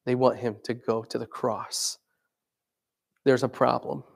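A man's voice: mid-range voice, fairly even intonation, a little slow, gravelly, slightly rough. A man preaching a sermon in a conversational way, asking his listeners questions.

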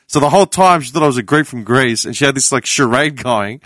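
An Australian man, a podcast panelist, telling a story in casual chat, animated and profane. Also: medium pitch, fast, dry recording. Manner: animated, profane, laughs through his anecdote.

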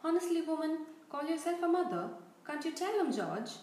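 A woman's voice: sits high, very animated, a little slow, exaggerated voice. A woman voicing a cheeky teenage boy twin who teases in a mock-indignant way, in a very echoey room. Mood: teasing. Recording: very echoey room, faint noise.

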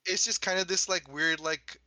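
Young man, casual podcast chat, bright tense voice, slightly high, dry close sound. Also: steady tone, dry recording, rough recording. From Los Angeles area. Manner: laid-back, many fillers, quick bursts.

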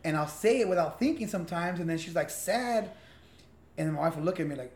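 A man's voice: fairly high pitch, animated, fast, a little mellow. A man in his forties talking candidly in a casual conversation, earnest and open, swearing freely. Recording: roomy echo, faint hiss.

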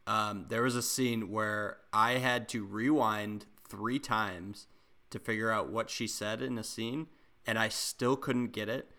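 A man co-hosting a casual podcast, speaking in a measured way and laughing easily. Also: on the low side, steady tone, pushed and bright. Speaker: podcast co-host. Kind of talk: casual chat.

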